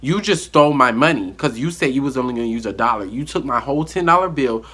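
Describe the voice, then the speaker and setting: A man telling a story from his life in a casual vlog monologue, animated and acting out the dialogue. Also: medium pitch, quick pace, husky.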